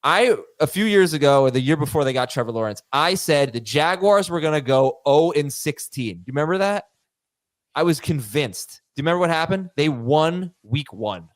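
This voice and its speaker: A man's voice: fairly high pitch, normal speed, no room sound. A male podcast host in loose sports banter. His voice rises and falls a lot. The recording is dry and close-miked. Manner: animated, laughing, self-mocking. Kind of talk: casual sports chat.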